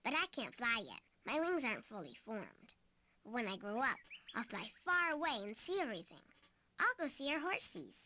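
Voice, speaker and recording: A woman's voice: on the high side, very animated, moderate pace, bright, forceful tone, a little hiss or hum. A woman voicing a small winged girl in a video game, eager, childlike and a bit boastful. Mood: chatty.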